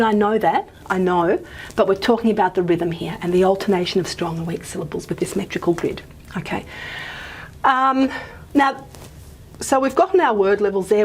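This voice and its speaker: A woman's voice: mid-range voice, darkish tone, a little hiss or hum. Chatty woman lecturing on phonetics. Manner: chatty, checks in with "okay?".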